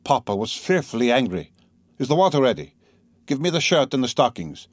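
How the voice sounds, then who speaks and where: A man's voice: mid-range voice, big pitch swings, a little fast, dry recording, studio quality. A man voicing a proud, distraught consumptive mother who talks fretfully and breathlessly. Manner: breathless, fretful and rambling, broken by coughs.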